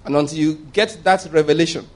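A man's voice: fairly high pitch, fast talker, a little mellow. A man preaching a sermon, emphatic and repeating his points, asking the congregation rhetorical questions. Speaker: pastor.

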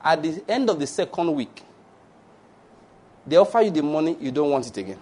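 Man, pastor, fairly high voice, animated sermon, call-and-response blessings. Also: a little fast, slightly rough. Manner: lively, acts out dialogues, laughs often. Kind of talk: sermon and closing prayer.

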